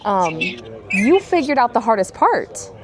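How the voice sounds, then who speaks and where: A young woman in her twenties vlogging casually, emotional and excitable, gushing over her new app. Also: a little high, a little slow. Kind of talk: casual vlog chat.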